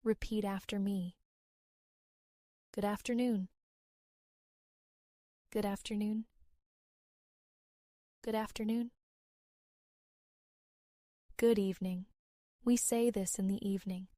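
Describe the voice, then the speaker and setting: An American woman teaching an English lesson, speaking slowly and clearly, pausing and repeating phrases for learners. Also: mid-range voice, fairly even intonation, warm tone, no room sound, studio quality. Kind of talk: slow, deliberate English lesson.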